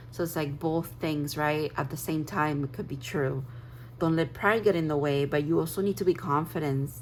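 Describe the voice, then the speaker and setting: Low-pitched woman tarot reader, dreamy and gushing, loose rambling reading, faint hum behind. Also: low-quality recording. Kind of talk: casual spoken tarot reading.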